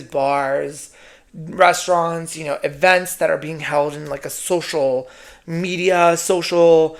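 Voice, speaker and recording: A man's voice: on the high side, creaky. A man hosting his own podcast, delivering a sassy, profane solo monologue and often adding "right?". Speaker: podcast host.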